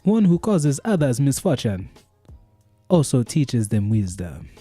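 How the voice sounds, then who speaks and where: A man doing a drawn-out, mock-solemn proverb reader with a dark, mellow voice and faint music underneath. the delivery rises and dips a lot, grave and deliberate. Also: medium pitch, big pitch swings, no echo. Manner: slow, solemn recitation. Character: man reciting proverbs in a put-on exaggerated accent.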